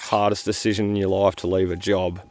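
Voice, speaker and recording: A tired man hosting a metal detecting video, talking in a halting, rambling way full of fillers while he searches outdoors. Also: sits low, level tone, a little mellow. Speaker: metal detecting channel host. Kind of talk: rambling casual vlog talk while detecting.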